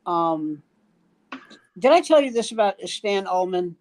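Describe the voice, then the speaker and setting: A man's voice: high-pitched, sing-song, unhurried, slight background noise. An older man, a veteran stand-up comedian, telling a story in casual chat and acting out the lines of the people in it. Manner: acts out quoted dialogue in the story.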